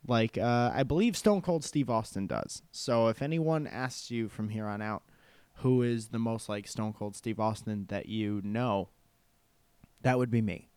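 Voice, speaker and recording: A man's voice: on the low side, unhurried, darkish tone, clean tone, no room sound. A man hosting a podcast alone, chatting casually with joking, rambling asides into a handheld recorder. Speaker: podcast host. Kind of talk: casual solo podcast chat. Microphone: handheld portable recorder.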